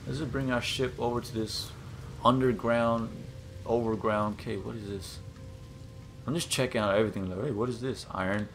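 Over soft background music, a young man with a gravelly, mid-range voice gives relaxed let's-play commentary at a moderate pace. As host of a gaming channel, he's excitable, gasping and exclaiming often while he explores.

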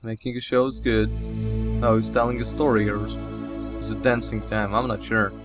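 A man hosting a let's play, giving casual gameplay commentary. He gets excited, talks straight to the game characters, swears mildly and laughs at his own slips. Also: lowish voice, moderate pace, over music.

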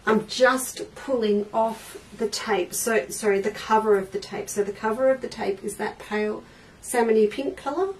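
A woman's voice: fairly high pitch, normal speed. A woman hosting a live crafting demonstration, chatting with viewers and reading their comments aloud as she works. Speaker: quilting shop host. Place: craft studio indoors. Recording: distant mic with faint noise.

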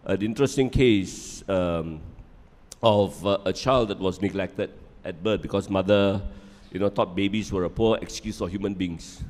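A man's voice: on the low side, a little mellow, long reverb tail. A middle-aged man giving a conversational parenting talk, often repeating words and checking in with "yeah?". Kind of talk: live lecture with humor.

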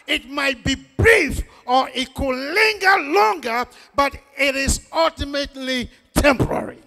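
A male pastor preaches an emphatic sermon, often rising to a shout as the congregation calls back. His very high voice swings widely in pitch, bright with a gravelly edge, expressive and unhurried.

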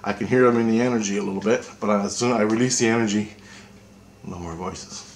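A man's voice: lowish voice, fairly even intonation, fast, slight background noise. A man vlogging a rambling, intense spiritual monologue, swearing freely.

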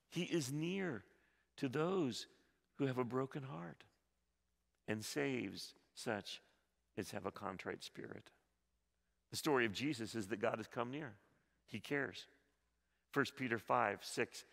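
A male pastor preaching a sermon, swinging between loud appeals and soft, hushed passages, often repeating his words. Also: medium pitch, slow pace, gravelly, long pauses, long reverb tail. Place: church sanctuary.

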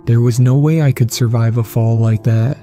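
Guy reading a creepy story, super dark mellow voice, calm and even, faint music under it. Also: medium pitch, moderate pace. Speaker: horror story narrator. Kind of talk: scripted first-person horror narration.

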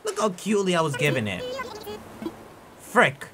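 A young man giving let's play commentary, with excitable and exaggerated frustrated rants. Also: fairly high pitch, moderate pace, crowd noise. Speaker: gaming YouTuber.

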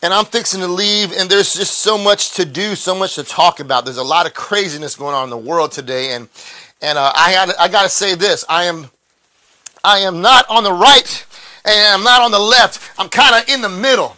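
Excitable high-voiced man. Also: normal speed. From Texas. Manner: excitable, loud and chatty, drawling. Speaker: livestream host and musician. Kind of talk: casual live stream chat. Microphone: phone.

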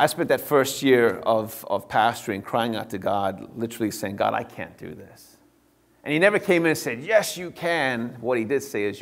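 A middle-aged man, a pastor, giving a personal testimony to a church, earnest and swinging between animated and hushed. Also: medium pitch, gravelly.

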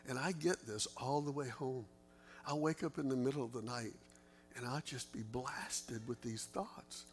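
A man's voice: mid-range voice, normal speed, a little hiss or hum. A man, a pastor teaching a Bible study in an earnest, conversational way, his voice leaping up for emphasis. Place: church.

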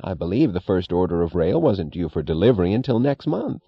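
A man's voice: low-pitched, big pitch swings, a little fast, breathy edge, no room sound, muffled recording, full character voice. A man reading an audiobook voices an earnest, worried young railroad assistant who speaks urgently and plainly. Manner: urgent, pleading, plain-spoken.

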